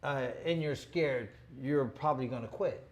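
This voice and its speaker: A man in his fifties hosting a boxing show tells rambling, tough-talking stories with frequent "you know" asides. He has a mid-range, slightly mellow voice and keeps a moderate pace.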